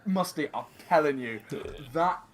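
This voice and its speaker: A man's voice: on the high side, lively intonation, a little slow, over a noisy crowd. A man chatting as a guest in a rambling, filler-heavy way. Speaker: guest friend. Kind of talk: casual chat.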